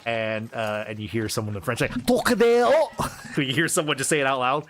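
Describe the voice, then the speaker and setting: A man's voice: medium pitch, rapid-fire, pushed and bright, slight background noise. A man narrating a tabletop game as game master, casual and laughing often. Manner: casual, laughing, hesitant with fillers.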